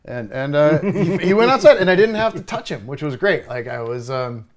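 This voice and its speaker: A young adult man, a bartender, telling a story in casual chat, swearing freely and loudly acting out what he said. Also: on the high side, moderate pace, a crowd in the background. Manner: animated, swears freely, loudly acts out his own quoted lines.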